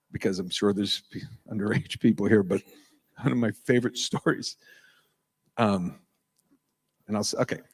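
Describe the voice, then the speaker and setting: Speaking in a lowish voice with a breathy edge, this middle-aged voice actor from New England sits on a convention panel. Before a live auditorium crowd, he tells meandering stories packed with tangents and laughter, in casual stage chat.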